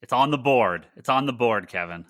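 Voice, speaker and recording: A man co-hosting a casual podcast chat, rambling and restarting his sentences with excitement. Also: mid-range voice, normal speed, dry recording, clean studio sound. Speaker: podcast co-host.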